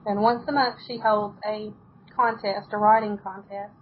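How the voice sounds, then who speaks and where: A woman's voice: mid-range voice, little pitch movement, moderate pace. A talkative woman chats casually as an author on a podcast. Her stories run on loosely and she laughs easily. The sound is muffled, with a little background noise. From United States. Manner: chatty, storytelling, laughs often. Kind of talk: casual interview chat.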